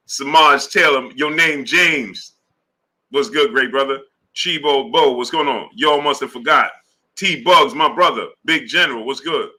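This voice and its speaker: A man hosting a casual boxing livestream, shouting out chat names and repeating his calls to action. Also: medium pitch, expressive, unhurried. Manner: repeats a call to subscribe.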